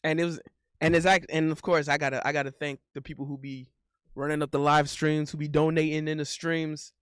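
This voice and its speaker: A man in his thirties rambles through casual livestream banter. His slangy talk keeps looping back over the same words. His voice sits a bit high, and the sound is dry and close to the microphone. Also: flat delivery, a little fast, fairly bright tone, clear, resonant tone, no echo. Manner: rambling, repeats himself, slangy. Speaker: live streamer. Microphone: studio condenser mic.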